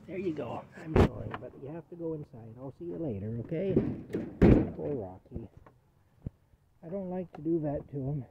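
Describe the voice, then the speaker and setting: A man's voice: fairly high pitch, lively intonation, normal speed, pauses often, dull audio, very noisy. A man vlogging outdoors beside a camper, chuckling as he keeps calling his cat to come. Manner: coaxing, chuckling, repeats calls to his cat. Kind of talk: casual talk to camera while coaxing a pet.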